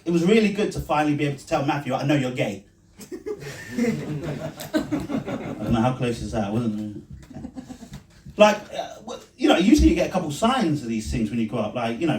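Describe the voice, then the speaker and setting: A man's voice: a little high, a little mellow. A man doing a rambling, self-mocking stand-up set at a small comedy night, breaking into laughing asides. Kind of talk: stand-up set and vlog commentary. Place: small pub comedy room. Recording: echoey room recorded from a distance.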